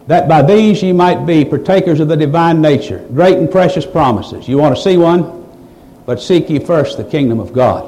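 Mellow-voiced male preacher, fiery sermon. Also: high voice, lively intonation, normal speed, poor audio. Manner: preaching with rhetorical questions, rising to emphatic shouts. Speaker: pastor.

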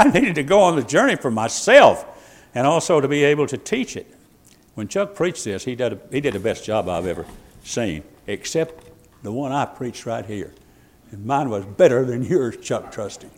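A male pastor delivers a folksy sermon, quoting old scripture and chuckling at his own jokes. His pitch swoops widely as he swings from loud, emphatic bursts to hushed, confiding asides.

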